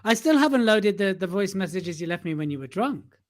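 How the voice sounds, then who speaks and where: A man's voice: high voice, animated, a little fast. A man cohosting a podcast in casual banter, teasing his partner and laughing often. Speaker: podcast co-host.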